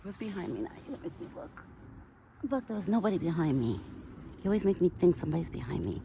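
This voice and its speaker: Low-voiced woman rambling on her vlog outside, faint outdoor hiss, talks baby talk to her deer. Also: very animated, quick pace. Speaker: vlogger feeding a pet deer. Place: outdoors in a wooded yard.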